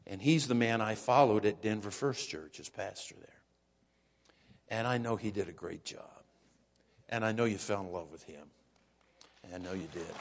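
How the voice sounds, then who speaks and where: Slow folksy older pastor in a hall. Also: male voice, medium pitch, darkish tone. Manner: folksy, joking, unhurried. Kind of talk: sermon with casual storytelling. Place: church sanctuary. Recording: church hall with long reverb.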